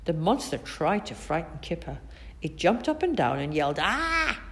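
A woman reading a children's storybook aloud, expressive and animated. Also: low voice, moderate pace, slight background noise. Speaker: narrator.

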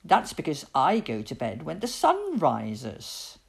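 A woman voicing a kind female bush baby in a storybook reading, gentle and reassuring. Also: sits low, wildly swooping pitch, slow pace, creaky, breathy edge, pitched below the performer's own voice, exaggerated voice.

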